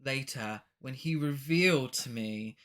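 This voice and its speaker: A man's voice: medium pitch, a little slow, a bit bright. A man co-hosting a podcast, reviewing a bad film in a sweary, exasperated, joking way. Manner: sweary, exasperated ranting with laughs. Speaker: podcast co-host. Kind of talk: casual film review chat.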